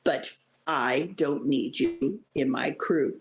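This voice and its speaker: A woman voicing a menacing, smug adult male pirate warlord who talks slowly and mockingly. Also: a bass voice, echoey room, voice pushed down, exaggerated voice. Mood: smug menace.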